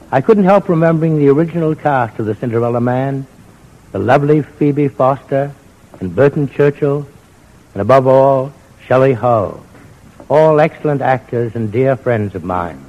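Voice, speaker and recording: Genteel formal radio host. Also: male voice, medium pitch, darkish tone, highs cut off. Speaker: host and critic. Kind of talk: scripted radio introduction. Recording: old radio broadcast with music.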